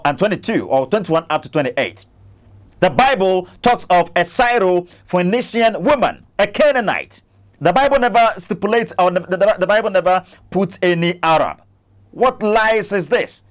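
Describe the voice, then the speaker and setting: A man hosting a commentary channel, arguing against a clip he plays, stammering and repeating himself. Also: sits high. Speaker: Christian apologist channel host.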